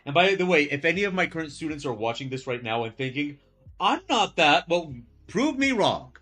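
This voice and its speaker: A man's voice: fairly high pitch, very animated, brisk, a bit bright, soft background music. A man who teaches, chatting casually and with incredulity during a live art stream, rambling and swearing now and then.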